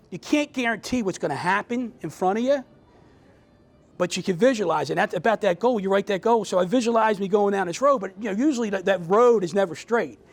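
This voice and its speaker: Middle-aged guy, high gravelly voice, chatty motivational talk to a group, lots of restarts. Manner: conversational, asks the audience questions, frequent restarts. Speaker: author speaking to a group.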